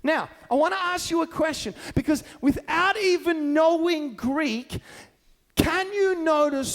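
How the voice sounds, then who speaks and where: A man preaching a sermon as a pastor, talking in a conversational way and often checking in with his listeners with rhetorical questions. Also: very high-pitched. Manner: conversational, keeps asking the listeners "right?".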